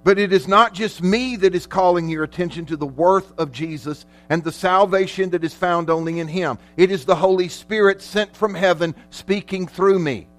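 A man delivers a sermon from the pulpit in a fairly high voice. He preaches emphatically, stretching out important words and rising in volume. A faint mains hum sits under the recording. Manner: emphatic preaching with dramatic slowdowns and loud peaks. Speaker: pastor.

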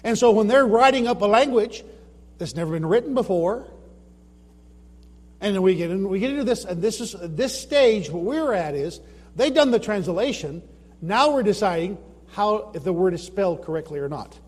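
Man, high voice, informal presenter, rhetorical questions, echoing hall. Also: lively intonation, moderate pace. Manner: explanatory, asks rhetorical questions, retells his own anecdotes. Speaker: Bible translation worker giving a presentation.

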